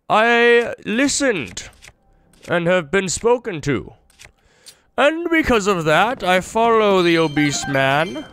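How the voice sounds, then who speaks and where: A man's voice: high-pitched, voice pushed up. A man voicing a goofy male cultist ninja who rambles a sing-song villain monologue.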